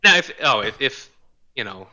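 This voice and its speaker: A man's voice: medium pitch, big pitch swings, normal speed, bright, forceful tone, muffled recording. A man co-hosting a podcast, joking crudely and mocking himself in casual chat. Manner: self-mocking, crude humor. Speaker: podcast co-host.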